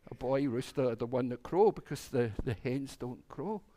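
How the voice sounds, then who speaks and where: A man's voice: mid-range voice, lively intonation, normal speed, warm tone. A man, a minister telling a playful children's story during a church service and acting out the animals.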